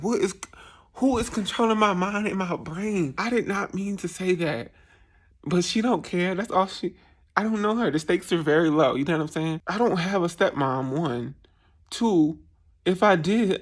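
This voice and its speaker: A man from New Jersey vlogging in a casual, self-mocking storytelling style, laughing often and putting on voices for other people. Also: a little high. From New Jersey, USA. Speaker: travel vlogger.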